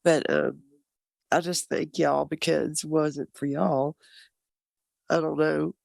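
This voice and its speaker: A woman in a recovery group, speaking slowly and hesitantly, worried and tired, sharing with emotion over a video call. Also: low-pitched, level tone, vocal fry, darkish tone, no echo. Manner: slow, tearful and hesitant.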